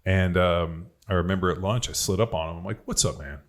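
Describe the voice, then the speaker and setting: A man's voice: sits low, steady tone, fairly quick. A man on a podcast telling rambling, profane stories about football and strength. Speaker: podcast host, former NFL player. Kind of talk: casual podcast chat.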